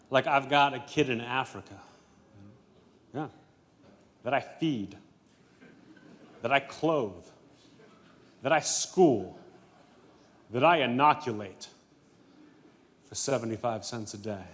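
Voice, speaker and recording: A male stand-up comedian with a dry, deadpan delivery, performing on a comedy club stage into a handheld mic. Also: medium pitch, slight background noise.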